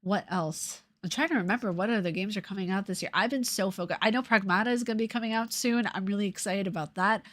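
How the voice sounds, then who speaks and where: Young new york gal rambling thru a stream, swears a lot, laughs, dry close sound. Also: female voice, mid-range voice, fast, hardly any pauses, fairly bright tone, no room sound. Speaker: YouTuber reading live chat. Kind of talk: casual livestream chat.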